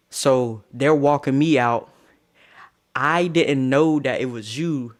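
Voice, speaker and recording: A young man streaming live from his phone, telling a crude, excitable story and acting out what others said. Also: mid-range voice, measured pace. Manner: crude, excitable, acts out quotes.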